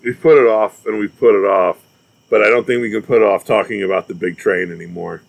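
A man with a somewhat low voice co-hosting a relaxed podcast. He trades dry, wry asides with his partner in an easygoing way. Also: fairly quick, creaky, no room sound. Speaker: podcast co-host. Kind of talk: casual chat.

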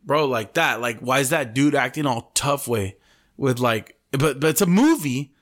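Young male podcast co-host, mid-pitched, rambling and profane, heavy on "bro", sprinkles in Spanish slang. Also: expressive, moderate pace, fairly bright tone. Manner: mixes Spanish slang into English. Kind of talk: casual chat.

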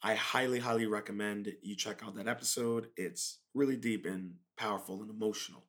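A man's voice: on the low side, fairly even intonation, fairly quick, fairly bright tone. A man hosting his own podcast, talking in a laid-back, rambling way with many fillers. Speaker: podcast host. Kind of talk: casual monologue.

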